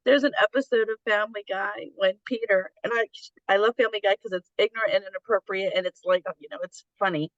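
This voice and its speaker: A woman's voice: medium pitch, quick pace, no room sound, highs cut off. A woman guest in a casual conversation, telling stories about her family and laughing easily.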